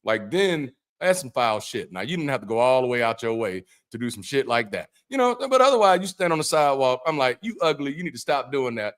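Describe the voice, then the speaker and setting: Profane, animated ex-preacher man. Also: medium pitch, fairly quick, few pauses, smooth. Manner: profane, animated, swings from mock-preacher solemnity to incredulous outbursts. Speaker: ex-pastor host. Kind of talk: irreverent Bible commentary.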